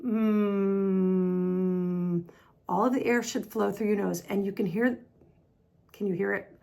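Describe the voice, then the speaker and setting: A woman with an American accent teaching an online English pronunciation lesson, patient and upbeat, demonstrating sounds slowly and repeating them. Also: medium pitch, creaky, darkish tone, breathy edge. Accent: General American.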